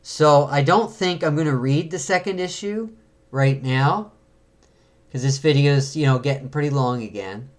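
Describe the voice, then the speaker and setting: A man's voice: a little high, normal speed. A man hosting a comic book video, reading a comic aloud and chatting casually with fillers and little chuckles.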